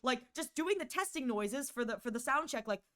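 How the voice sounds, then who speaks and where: Her voice sits high as she streams, telling a story in a relaxed but animated and fed-up way through a condenser mic. The streamer and voice actor darts between fast bursts and long, drawn words.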